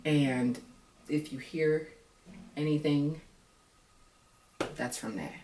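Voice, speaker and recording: A woman's voice: sits low, drawn-out words, mellow. A woman giving a blunt, profane, sassy casual recap of a reality show from her apartment. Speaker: reality TV reviewer. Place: apartment at night, noisy renovations upstairs. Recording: echoey room, mic at a distance.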